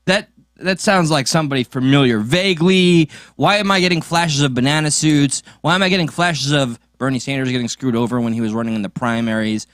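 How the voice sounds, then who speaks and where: A man co-hosting a podcast, rambling and self-mocking in excitable banter. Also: mid-range voice, fairly quick, dry recording, studio quality. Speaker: podcast co-host. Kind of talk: casual podcast chat.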